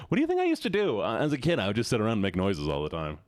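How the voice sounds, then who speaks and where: A man's voice: fairly low pitch, huge pitch swings, quick pace, no echo, clean studio sound. A man streaming live, chatting casually in a rambling, jokey, profane and scattered way.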